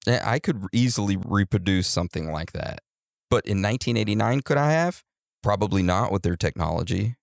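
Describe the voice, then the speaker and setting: A man with a low, gravelly voice chats on a podcast, slowly turning ideas over and drawing out his questions. The sound is dry and close. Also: animated, dry recording. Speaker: podcast co-host. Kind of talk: casual podcast chat.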